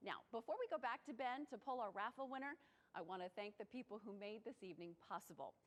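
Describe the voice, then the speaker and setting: A woman presenting at a charity event, reading out a list of sponsors in a grateful, measured way. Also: mid-range voice. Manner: grateful, measured listing of names.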